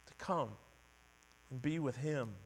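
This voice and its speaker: A middle-aged male pastor preaches a conversational, earnest sermon in a church sanctuary, acting out quoted voices. He has a mid-range voice and takes it slowly. The recording carries long hall reverb and mains hum.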